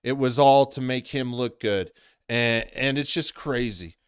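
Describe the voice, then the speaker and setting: A man's voice: mid-range voice, a little slow, smooth, dry recording, studio quality. A man hosting a commentary show, rambling through his opinions with lots of fillers. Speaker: commentary channel host. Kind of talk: commentary monologue.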